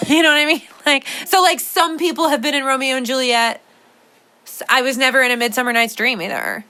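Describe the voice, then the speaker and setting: A woman's voice: high-pitched, a little fast, sharp tone. A woman hosting a podcast in casual chat, rambling playfully with lots of "like" fillers. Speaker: podcast host.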